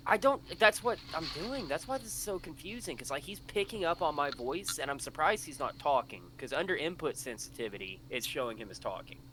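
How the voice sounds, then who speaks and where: Guy on discord before a game, bright twangy voice, gets worked up and swears a lot. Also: a little high, a little fast, few pauses, slight background noise, low-quality recording. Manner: excitable, swears, frustrated with tech. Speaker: tabletop game player. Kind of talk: casual voice-chat banter. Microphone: computer mic on a voice call.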